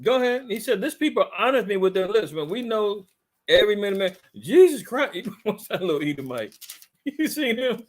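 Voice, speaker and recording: A man's voice: high-pitched, expressive, a little fast. A man leading a conversational Bible teaching, fiery and mocking in a preachy way.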